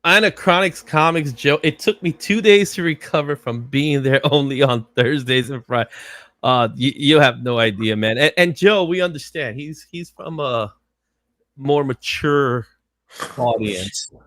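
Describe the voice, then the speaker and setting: A man hosting a casual livestream chat, animated and quick to laugh as he greets viewers. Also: mid-range voice, no echo, studio quality. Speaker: host.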